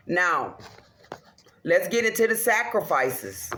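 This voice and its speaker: A woman ranting casually to her viewers, swearing heavily, animated and laughing often. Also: low voice, a little slow. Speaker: vlogger. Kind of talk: casual rant to camera. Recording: roomy echo.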